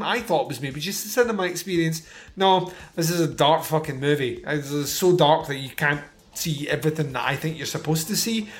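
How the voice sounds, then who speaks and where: A man with a slightly raised voice reviews a horror film in casual podcast chat. He is blunt and swears freely, dropping wry asides. Soft music sits faintly underneath. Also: fairly high pitch. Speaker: podcast host reviewing films.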